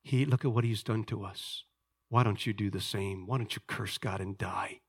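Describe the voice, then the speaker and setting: A man voicing a grieving, bitter wife, speaking low and hushed. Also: steady tone, moderate pace, slightly rough.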